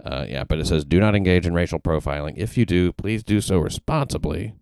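Deep gravelly man, deadpan joking. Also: fairly quick, no room sound. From American South. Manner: deadpan, jokey, stumbling restarts. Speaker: podcast host. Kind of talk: casual comedic chat.

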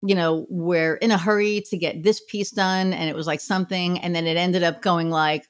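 This woman runs a marketing business and is chatting casually on a podcast as a guest, candid and freely profane, acting out what people told her. Her voice is on the low side, with fairly even intonation at a moderate pace.

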